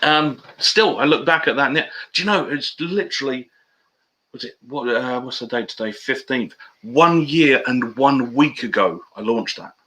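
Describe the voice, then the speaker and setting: A chatty man spins stories with matey banter as an interview guest. His voice is bright and forceful, at an ordinary middle pitch, heard over a video call. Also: lively intonation, moderate pace, rough recording. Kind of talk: casual interview chat.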